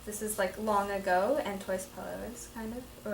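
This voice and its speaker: Hesitant and peppered with ums and likes, a teenage schoolgirl reads a passage aloud and explains it. She has a creaky, medium-pitched voice with fairly even intonation and a measured pace, and the echoey room carries faint noise.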